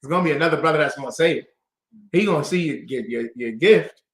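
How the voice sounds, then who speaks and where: A man teaching a scripture class to a group, lively and conversational, acting out the voices he quotes. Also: a little high, fast, echoey room. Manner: lively, call-and-response, acts out quoted voices.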